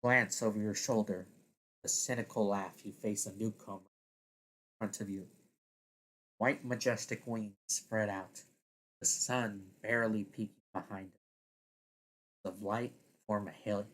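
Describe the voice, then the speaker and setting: Male storyteller for a second-person audio drama, slow and deliberate delivery. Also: on the low side, fairly even intonation, a bit bright. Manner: slow, deliberate, with occasional laughs at own slips.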